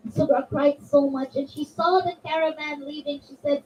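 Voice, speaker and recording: A woman telling a religious story to children at a community gathering, expressive and speaking to them directly. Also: high voice, normal speed, few pauses, distant mic, muffled recording, slight background noise. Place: community center hall.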